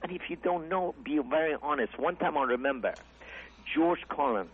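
A man's voice: on the high side, moderate pace, slightly rough. Non-native English-speaking man on phone line. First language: not English. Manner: animated storyteller, acts out voices, broken English. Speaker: comedy club owner, guest. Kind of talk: storytelling in interview.

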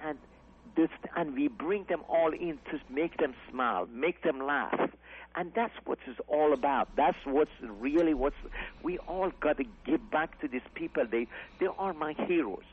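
A man's voice: fairly high pitch, moderate pace, a little hiss or hum. A comedy club owner, a man, chatting earnestly on a radio interview in rambling English with broken grammar. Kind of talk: casual radio interview chat. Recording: tinny phone-like radio audio.

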